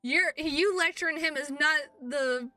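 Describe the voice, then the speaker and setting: A woman streamer reading a visual novel aloud and reacting, expressive, swearing and laughing at herself. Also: high-pitched, unhurried, far from the mic, soft background music. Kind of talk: game playthrough, reading and reacting.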